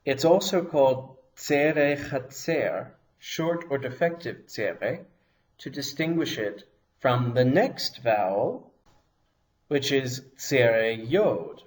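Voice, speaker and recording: A man teaching a language lesson, explaining each sound patiently and pronouncing examples slowly and carefully. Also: medium pitch, animated.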